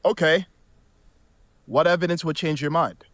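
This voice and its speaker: Guy reading his scripted commentary, calm and reasoned, slightly high voice, dry sound. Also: no echo. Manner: measured, reasoned delivery.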